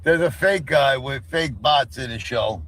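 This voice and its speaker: A man's voice: mid-range voice, measured pace, creaky, a bit bright, dry recording, poor audio. A man talking as a guest on a livestream in casual chat, rambling and repeating himself. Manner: rambling, repeats "you know what I mean".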